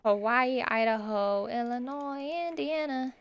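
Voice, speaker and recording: A woman's voice: a little high, measured pace, clean tone. A woman streamer chatting casually and rambling to her viewers while she plays a game. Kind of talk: casual gaming chat.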